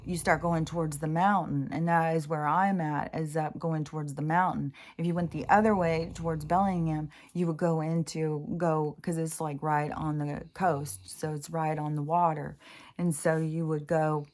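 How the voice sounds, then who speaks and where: A woman's voice: deep voice, a little mellow. A woman speaking in a casual spiritual monologue, rambling and interrupting herself as she tells a story. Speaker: spiritual vlogger. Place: home near mountains in Washington State.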